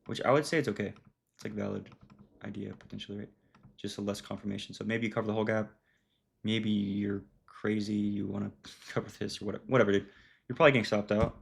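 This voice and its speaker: A man's voice: on the low side, steady tone, very fast, vocal fry, slightly rough. A young man giving a loose, casual recap of his trades as a trading educator, full of fillers and "dude". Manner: loose, filler-heavy, says "dude" and "bro".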